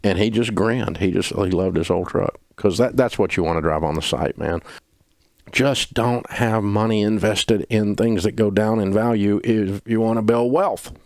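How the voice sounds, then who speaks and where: Man, older, deep voice, folksy, emphatic, finance host. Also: normal speed, a little mellow, no room sound, clean studio sound. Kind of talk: personal finance talk.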